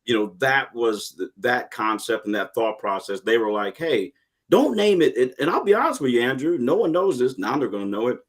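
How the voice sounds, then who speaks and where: A middle-aged man, a retired Marine, talking in a casual interview with earnest, animated storytelling and frequent restarts. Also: medium pitch, fairly quick, few pauses. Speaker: guest, retired Marine and podcast host.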